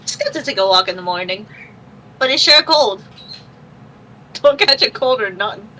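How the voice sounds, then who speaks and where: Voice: mid-range voice, lively intonation, moderate pace, distant mic, slight background noise. A player voicing a chatty townsperson from a video game in a put-on New York accent. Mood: cheery. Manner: loud, folksy put-on accent.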